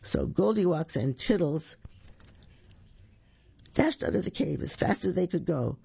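Storybook reader, very slow and gravelly, dull lo-fi dry recording. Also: medium pitch, animated, dark tone, no room sound. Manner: slow, drawn-out storytelling with sound effects. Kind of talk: reading a children's picture book aloud.

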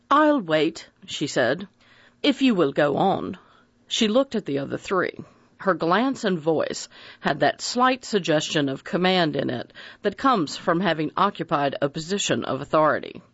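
A narrator reading a novel aloud in an expressive, varied way, in a dull, dry recording. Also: medium pitch, no echo. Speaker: audiobook narrator. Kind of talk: scripted narration.

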